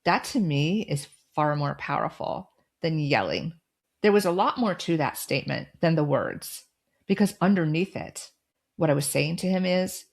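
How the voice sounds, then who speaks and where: A middle-aged woman hosting a podcast, telling a personal story and giving advice in a calm, firm, direct way. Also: deep voice, moderate pace, creaky. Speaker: podcast host.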